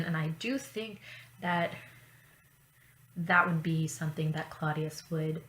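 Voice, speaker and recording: Woman vlogger, low-ish pitch, loose and profane, quick asides; roomy room, faint hum behind. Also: fairly even intonation, a bit bright. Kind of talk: casual chat. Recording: roomy echo, faint ambience.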